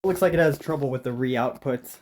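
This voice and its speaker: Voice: mid-range voice, fairly quick, darkish tone, slight background noise. A tutorial host talking casually and wryly, reading out typed commands. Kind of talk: casual screen-recorded tutorial.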